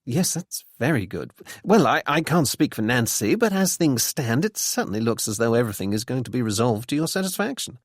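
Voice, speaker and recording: A man doing a wry, teasing young gentleman. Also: mid-range voice, very animated, a little fast, few pauses, no echo. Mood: ironic. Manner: dry, ironic, politely needling.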